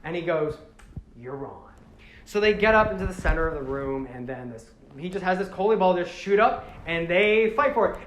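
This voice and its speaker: A man casually retelling a story with excitement, acting out the characters in exaggerated voices. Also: high voice. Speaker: podcast host recapping a franchise. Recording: echoey room with faint background noise.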